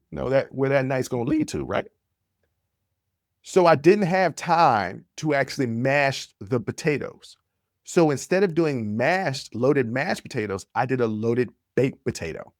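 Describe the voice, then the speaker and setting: Male podcast host, mid-pitched, storytelling monologue to listeners, dry close mic. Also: no room sound. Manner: animated, addresses listeners directly.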